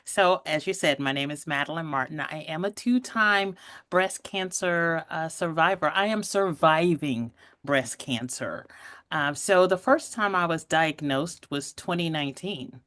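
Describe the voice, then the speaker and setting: Lively woman in her forties, low and dry. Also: a little slow, dry recording. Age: 40s. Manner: lively, laughs often, acts out quoted voices. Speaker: guest. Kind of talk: podcast interview storytelling.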